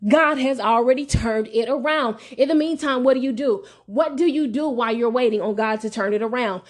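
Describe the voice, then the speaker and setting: A woman's voice: fairly high pitch, fairly quick. A middle-aged woman hosting a faith podcast, exhorting listeners in a repetitive, preachy call-and-response style. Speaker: podcast host. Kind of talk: faith-based motivational monologue.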